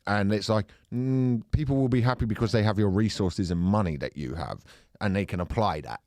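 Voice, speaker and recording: Crude, jokey podcast host. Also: male voice, lowish voice, fairly quick, darkish tone, no room sound. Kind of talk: casual podcast banter.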